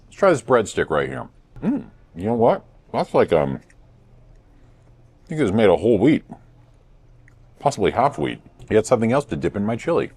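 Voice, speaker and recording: A man in his thirties hosting a casual food review vlog, playful and self-mocking with deadpan jokes. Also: fairly low pitch, a little fast, long pauses, a little hiss or hum. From United States. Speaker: host.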